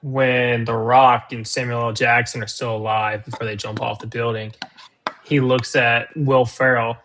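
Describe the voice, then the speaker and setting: A man chatting casually on a live day-trading stream, excitable about his trades. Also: mid-range voice, unhurried, slight background noise.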